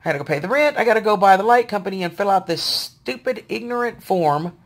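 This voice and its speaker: A woman's voice: medium pitch, lively intonation, fast talker. A woman, venting to her viewers in a casual video diary, sounding tired and frustrated. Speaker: vlogger.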